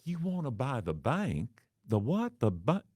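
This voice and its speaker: A man's voice: medium pitch, huge pitch swings, a little slow, dark tone, slightly rough, no echo, clean studio sound, voice pushed up, exaggerated voice. A man voicing a sweet, overly friendly female bank receptionist, chirpy and congenial. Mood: bright.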